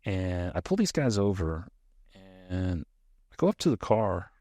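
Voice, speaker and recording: In a dry, studio-quality recording, a middle-aged American ex-soldier speaks in a low, unhurried voice. He's an animated storyteller in a casual interview, performing the dialogue as he recounts it.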